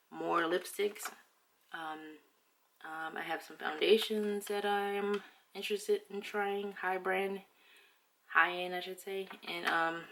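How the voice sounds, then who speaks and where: Young woman, low gravelly voice, chatty haul vlog, slightly breathless, faint hiss. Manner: chatty, fillers, lots of "like". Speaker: beauty vlogger. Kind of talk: casual haul chat.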